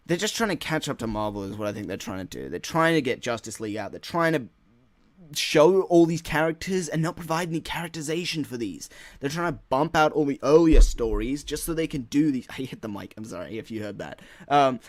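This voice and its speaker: A man's voice: a little high, no echo. A man hosting his own gaming channel, ranting in a casual solo podcast with many filler words and frequent swearing. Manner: rambling, frustrated, heavy swearing and filler words.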